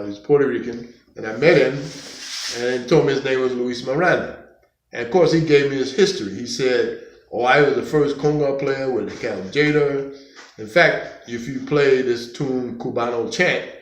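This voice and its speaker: A man in his fifties from the United States, casually telling stories about his life as a conga player, halting and rambling with many fillers and restarts. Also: medium pitch. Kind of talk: casual storytelling. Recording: echoey room, faint background noise.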